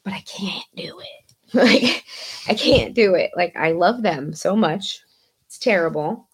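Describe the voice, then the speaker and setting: A woman with a medium-pitched, slightly rough voice speaks unhurriedly but animatedly as a podcast guest, rambling through casual chat, swearing freely, and laughing often.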